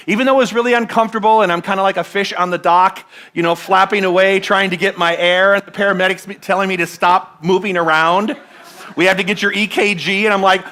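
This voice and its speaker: A woman's voice: medium pitch, brisk, fairly bright tone. A woman minister giving a conversational Sunday sermon, asking the congregation questions and leading them in recitations. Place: church sanctuary.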